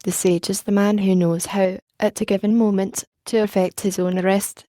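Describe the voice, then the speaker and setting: A woman's voice: medium pitch, level tone, normal speed, dark tone, no room sound, close to an everyday voice. Woman reading as a pompous young lecturing student. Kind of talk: audiobook reading.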